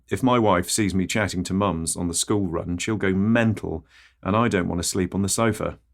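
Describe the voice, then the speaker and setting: A middle-aged man hosting a comedy podcast, delivering a rambling, deadpan absurdist monologue that keeps interrupting itself. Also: low voice.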